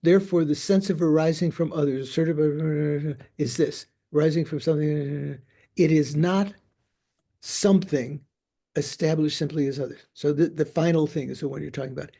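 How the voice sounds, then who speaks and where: An older man, a Buddhist teacher, discussing a philosophical text with a student in a halting way, often repeating words while he thinks. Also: a little high, steady tone, mellow.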